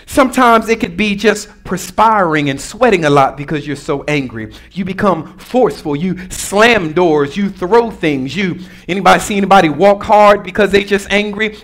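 A man's voice: high-pitched, a bit bright. A man preaching a sermon as pastor, in a conversational and humorous way, drawing responses from the congregation.

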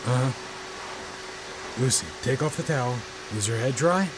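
Guy doing a grumpy beekeeper dad, snaps fast, buzzing bugs in the background. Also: mid-range voice, expressive, noisy background, natural voice. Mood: tense. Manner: curt, quick to shout. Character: stressed widowed beekeeper father, short-tempered. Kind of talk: dubbed film drama.

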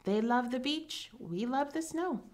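Kindly older man, gentle and polite, slow delivery; woman reader voices him. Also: high-pitched, expressive. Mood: friendly.

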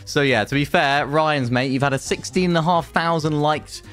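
A man's voice: on the high side, moderate pace, fairly bright tone, faint music behind. A man who is a YouTuber, reacting to comments in a dry, sarcastic way.

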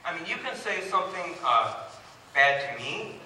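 Male pastor, slightly higher voice, lively sermon storytelling, reverberant church hall with faint room noise. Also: normal speed, recorded from a distance. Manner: animated storytelling with rising emphasis. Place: church sanctuary. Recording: very echoey hall, mic from afar.

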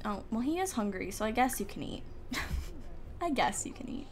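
Speaking at a moderate pace, a young woman with a high-ish, very animated voice and a darkish tone commentates a life-sim game. She's a gaming YouTuber in her home room with the window open, chatting casually, giggling, and addressing her characters. There's slight background noise along with faint outdoor ambience.

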